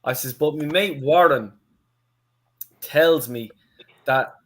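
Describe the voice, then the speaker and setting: A man's voice: on the high side, slow pace, fairly bright tone. A young Irish man, a channel host, telling a rambling story in casual chat with lots of fillers and swearing. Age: young adult. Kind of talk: casual anecdote.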